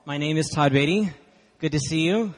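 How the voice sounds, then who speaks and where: A man from Dallas, Texas preaches as a guest speaker in a church hall, chatting emphatically with the congregation. His voice is on the high side at a normal speed, and the hall gives it a long reverb.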